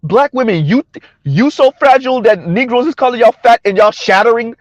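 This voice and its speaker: A man's voice: very high voice, animated, a little fast, no echo. A man giving a combative, sarcastic opinion rant to his viewers, repeating his points and laughing between them. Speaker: commentary vlogger.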